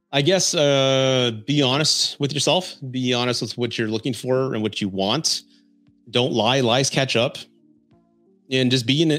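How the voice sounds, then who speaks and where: A man from San Antonio hosts a podcast, swapping dating tales and advice in a relaxed, conversational way. His voice sits at an ordinary middle pitch, and he keeps breaking into small chuckles. Faint music plays quietly behind him. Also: no echo. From San Antonio, Texas, US. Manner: chuckles often while telling stories. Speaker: podcast host. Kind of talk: casual storytelling and dating advice.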